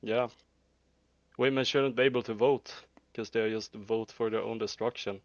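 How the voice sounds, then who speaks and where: A fairly low-voiced man with a Swedish accent speaks over a voice chat. His delivery is halting and low-key, often repeating words as he restarts. The audio is dull and lo-fi, with a dry, close sound. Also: steady tone, no echo. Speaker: debate participant. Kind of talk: casual voice-chat debate. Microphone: headset or desk mic on voice chat.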